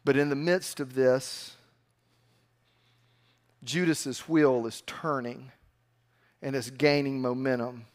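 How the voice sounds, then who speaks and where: A male pastor preaching a sermon in an animated, conversational storytelling manner. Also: medium pitch, slow, long pauses.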